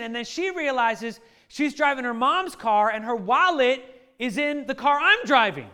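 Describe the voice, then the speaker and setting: A man in his thirties telling a funny family story to a live audience, lively and joking, often laughing at his own lines. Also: extremely high pitch, normal speed, clear, resonant tone. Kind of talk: animated anecdote to a live audience.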